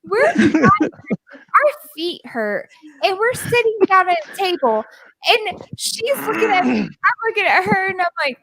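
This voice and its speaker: A woman with a very high, bright voice tells a story on a podcast, animated and exasperated, now and then dropping a swear word. Her pitch jumps around a lot as she acts out what the others said. The sound is close and dry. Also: a little slow, no echo, low-quality recording. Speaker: podcast co-host telling a story. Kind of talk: casual storytelling chat. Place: podcast recorded live with co-hosts.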